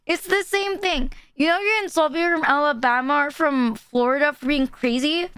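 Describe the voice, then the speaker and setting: A woman's voice: high-pitched, normal speed, a bit bright, no room sound. A woman from the Philippines, chatting casually and profanely as a streamer reacting to videos. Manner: loose, profane, laughing asides. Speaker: VTuber streamer.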